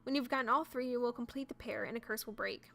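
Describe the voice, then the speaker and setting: A woman voicing a gentle female fairy who speaks softly and reassuringly in a game playthrough. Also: a little high, fast talker, creaky.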